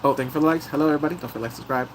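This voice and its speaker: A man's voice: on the high side, rapid-fire, noisy background. A man live-streaming a casual drama recap, chatting loosely, thanking viewers as he goes and breaking into big squealing reactions.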